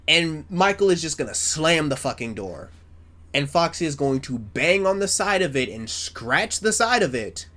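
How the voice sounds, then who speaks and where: A man giving casual fan commentary as a YouTuber, rambling and swearing in an animated way. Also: on the high side.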